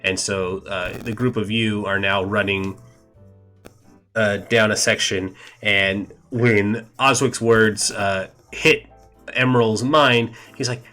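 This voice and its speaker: A man's voice: lowish voice, fairly even intonation, slow pace, sharp tone, faint music behind. A man narrating a tabletop game as game master, rambling with many fillers.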